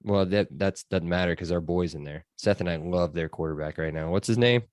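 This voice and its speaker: A man's voice: deep voice, fairly quick, darkish tone, dry recording, clean studio sound. A man hosting a casual sports podcast, chatty and loose with lots of fillers. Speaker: podcast host.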